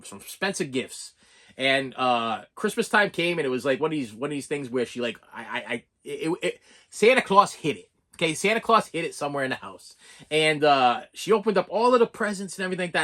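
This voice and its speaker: A man's voice: a little high, a bit bright. A man chatting casually as a video host and collector, rambling and repeating his words. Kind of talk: casual chat.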